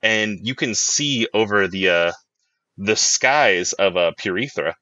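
A man's voice: fairly low pitch, animated, measured pace, sharp tone, no room sound, highs cut off. A man narrating as game master, laughing often and hesitating with many fillers.

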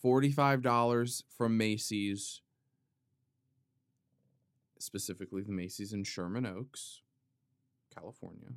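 A man hosting a podcast, talking in a playful, rambling comedic monologue that wanders off on tangents, with sudden loud outbursts. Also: fairly low pitch, fairly even intonation, unhurried, pauses often, no echo. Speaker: podcast host.

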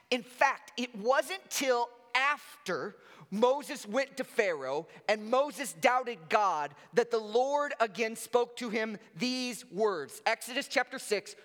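A man's voice: very high-pitched, animated, slow, fairly bright tone. A male pastor preaching a sermon, conversational and quizzing his listeners. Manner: conversational, asks the congregation questions. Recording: long hall reverb.

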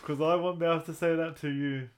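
A man's voice: on the high side, steady tone, quick pace, clear, resonant tone. A young man, co-hosting a podcast in casual chat, laid-back and slangy as he reasons things out. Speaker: podcast co-host.

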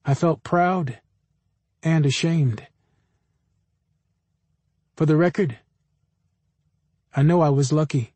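A man narrating a first-person audiobook in a plain, even storytelling manner. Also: on the high side, slow pace, pauses often, dry recording.

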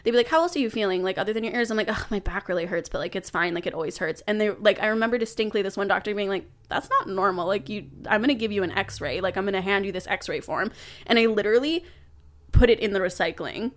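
A woman's voice: medium pitch, fast. Chatty young woman telling a story. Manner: animated storytelling with laughs and swearing. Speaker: podcast guest. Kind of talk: casual chat.

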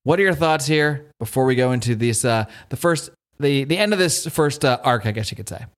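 A man co-hosting a casual podcast, recapping a comic book story with lively retellings and quoted lines. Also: mid-range voice, a little fast. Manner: animated retelling, acts out quotes. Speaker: podcast co-host.

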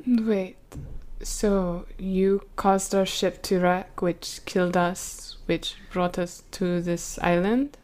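Woman, tabletop player, puzzled, laid-back, low pitch, slow. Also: flat delivery, darkish tone. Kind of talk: casual role-play.

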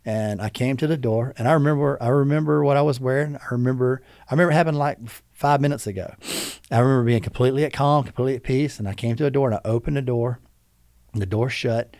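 On a podcast, a male guest tells an emotional personal story with earnest sincerity, doing the voices of the people he quotes. His voice is medium-pitched, fast and slightly mellow, captured in a dry, studio-quality recording.

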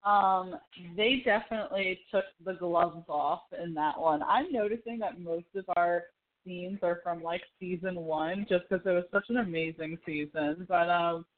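A woman co-hosting a casual chat about a TV show, excitable and swearing as she retells scenes. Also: fairly low pitch, moderate pace. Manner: excitable, swearing, laughing asides. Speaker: podcast co-host. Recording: tinny phone-like line.

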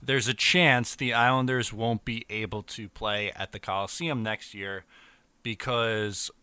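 A man's voice: on the low side, fairly even intonation, unhurried, sharp tone, clean tone, no echo. A man hosting a casual chat in a laid-back way, with fireworks popping outside. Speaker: podcast host.

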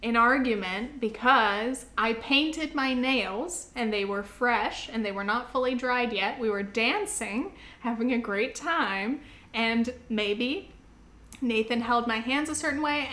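A woman co-hosting a casual couple's podcast who laughs often and swears casually; her voice turns shrill when she stresses a point. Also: unhurried, sharp tone. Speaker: podcast co-host. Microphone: studio microphone.

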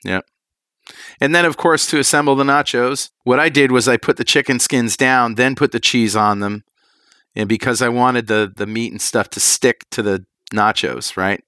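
A man co-hosting a cooking podcast, describing recipes in a rambling, relaxed way and laughing easily. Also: mid-range voice, moderate pace, clear, resonant tone, dry recording, studio quality. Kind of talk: casual chat.

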